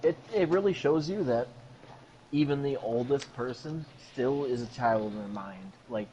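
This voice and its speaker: A man's voice: mid-range voice, moderate pace, dark tone, dull audio, slight background noise. A young man in casual chat who muses and philosophizes, filling his talk with "like". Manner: musing, philosophizing with lots of "like".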